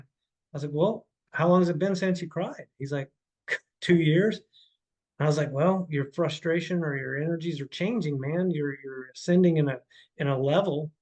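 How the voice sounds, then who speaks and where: A horse trainer and life coach talks casually on a podcast in a slightly high voice over poor audio. He rambles, repeats words, often restarts, and keeps dropping in "man" and "dude."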